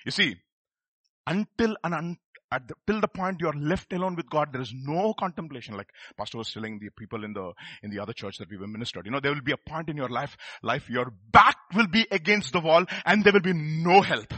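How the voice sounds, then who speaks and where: A man's voice: a little high, animated, a little fast, a bit bright, dry recording. A man preaching a sermon, emphatic and firing rhetorical questions at the congregation.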